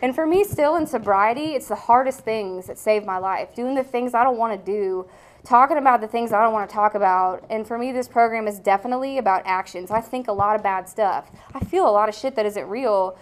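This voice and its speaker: A woman's voice: fairly high pitch, brisk. Young woman, candid testimony, blunt and frank, casual swearing, lots of "um". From American South. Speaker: speaker sharing recovery story.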